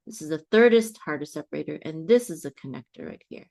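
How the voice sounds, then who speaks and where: A woman teaching a slow, patient lesson on reading Bible Hebrew, often stopping to check in with her listeners and restarting her phrases. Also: deep voice, lively intonation, creaky, darkish tone.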